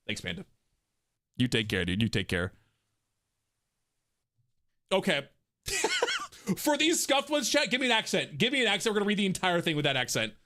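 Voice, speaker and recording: Animated, bright-voiced male streamer. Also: high voice. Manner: animated, jokey and self-mocking, laughs often. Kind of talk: casual live-stream chat while reading voice scripts.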